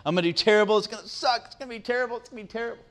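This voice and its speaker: A man's voice: sits high, rapid-fire, a bit bright, voice pushed up. A man imitating an upset young boy who panics and whines before a speech. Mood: despairing. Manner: whiny, wailing.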